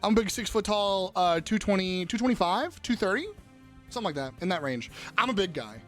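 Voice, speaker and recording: A man's voice: high voice, animated, a little fast, fairly bright tone, faint music behind. A young man live-streaming in casual chat, crudely joking and riffing on messages from his viewers.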